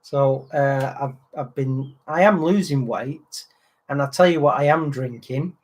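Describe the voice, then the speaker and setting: A man's voice: medium pitch, measured pace. Chatty man. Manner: chatty storyteller, acts out other people's lines. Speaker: co-host of a livestream chat. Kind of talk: casual chat.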